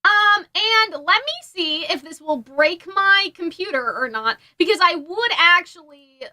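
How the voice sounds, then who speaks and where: A woman's voice: extremely high pitch, lively intonation, measured pace, bright, forceful tone. A woman hosting a casual livestream discussion, chatty and thinking aloud with lots of fillers. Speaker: host.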